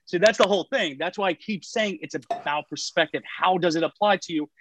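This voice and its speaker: A man's voice: high voice, a little fast, fairly bright tone, slight background noise, rough recording. A man who works in taxes explains tax brackets in casual chat, with many fillers like "uh" and "like". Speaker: tax professional guest.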